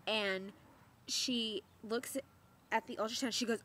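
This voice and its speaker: A woman's voice: a little high, takes it slowly, pauses often. Chatty young woman telling a story. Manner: chatty, animated, laughs often, repeats words for emphasis. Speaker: vlogger. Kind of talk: casual storytelling to camera.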